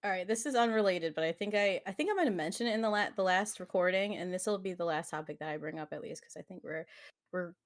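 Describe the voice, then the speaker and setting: Young woman, podcast co-host, relaxed storyteller, laughs through her anecdotes. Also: fairly low pitch, quick pace. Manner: storytelling with frequent laughs and fillers. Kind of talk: casual chat.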